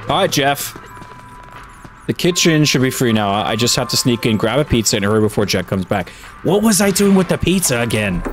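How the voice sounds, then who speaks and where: A man commentating his own horror game playthrough, getting exasperated and shouting when things go wrong. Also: medium pitch. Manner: exasperated, yelling in frustration. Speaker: gaming YouTuber. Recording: game music behind voice. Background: game music.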